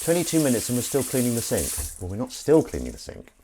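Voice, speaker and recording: A man's voice: mid-range voice, huge pitch swings, fast talker, mellow, slight background noise. A man hosting a casual live stream, rambling and self-mocking as he tries out a gadget. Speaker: livestream host. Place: outdoors in wind.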